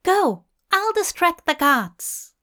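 A woman voicing a clever female bird who gives urgent, hushed directions. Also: very high voice, sing-song, slow, voice pushed up, exaggerated voice.

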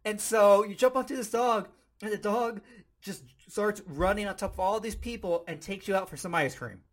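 A man hosting a podcast, teaching in a casual, playful way and telling an animated story with frequent chuckles. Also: sits high, moderate pace. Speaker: podcast host.

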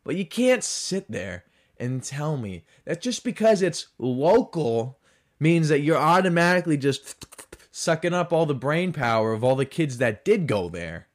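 A man hosting a podcast, talking in a rambling, sarcastic way, full of "like" fillers, in a casual comedic monologue. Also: on the high side. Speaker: podcast host.

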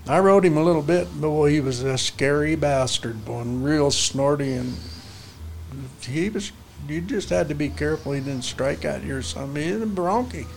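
A man's voice: fairly high pitch, moderate pace, gravelly, slight background noise. An older man, a horse trainer, telling folksy stories in casual conversation with salty ranch talk. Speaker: interview guest, horse trainer.

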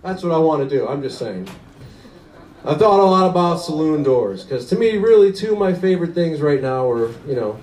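A man's voice: a little high, lively intonation, a little fast, darkish tone, echoey room, distant mic, slight background noise, rough recording. Rambling young male stand-up comic. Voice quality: rambling, laughs at his own jokes. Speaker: stand-up comedian. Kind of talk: stand-up comedy set.

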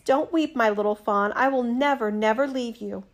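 A woman voicing a frightened little girl from a fairy tale, begging in a high, urgent voice. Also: moderate pace, close to an everyday voice. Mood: tender.

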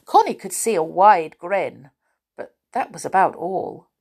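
A woman reading a children's story aloud at a slow, unhurried pace, her voice lively and full of swoops. She paints each scene with expressive, animated reading. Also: fairly low pitch, breathy edge.

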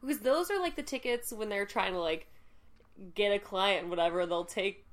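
A woman co-hosting a podcast, teasing her friend and prodding with questions. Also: mid-range voice. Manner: teasing, quick to laugh and question. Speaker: podcast co-host. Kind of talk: casual chat.

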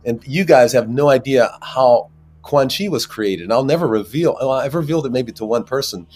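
A man's voice: mid-range voice, moderate pace, darkish tone. A man, an actor, talking casually in an interview, rambling with many restarts and fillers. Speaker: actor guest.

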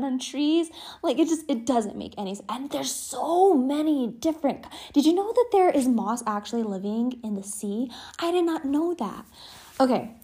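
Unhurried young female vlogger, chilly outdoors, giggly and whispery, slightly high, faint noise behind. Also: a little mellow, breathy edge. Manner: rambling, giggly, drifts into whispers. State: cold. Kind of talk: rambling casual monologue.

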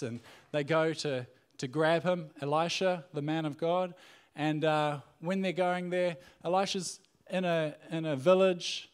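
A man's voice: on the high side, clean tone. A man giving a casual sermon, retelling a Bible story in a conversational way with frequent fillers and restarts. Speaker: preacher.

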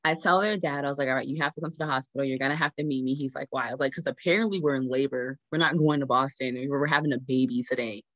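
A woman telling her own story casually to viewers, animated and laughing often. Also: rumbling low, racing, few pauses, dry recording. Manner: animated, addresses listeners as "y'all", laughs often.

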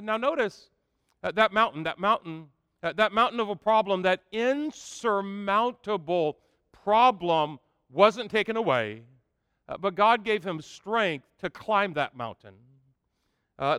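A man preaching in a church, his voice high, bright and crisp. He reads scripture with rising emphasis and fills pauses with frequent "uh"s, and the dry close sound carries a long hall reverb behind it. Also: expressive. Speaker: pastor. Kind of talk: sermon.

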